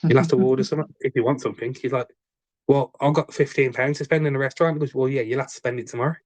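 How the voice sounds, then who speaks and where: Man, West Midlands accent, casual podcast storyteller, mid pitch, dry sound. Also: very fast, no room sound. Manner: animated storyteller acting out quoted dialogue, laughs often. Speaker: podcast co-host. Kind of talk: casual chat, storytelling anecdote.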